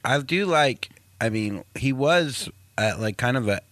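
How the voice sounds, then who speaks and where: A man's voice: mid-range voice, lively intonation, a little slow, fairly bright tone, no echo. A man from Florida with a light Southern twang, hosting a podcast in crude, joking casual chat. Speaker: podcast host.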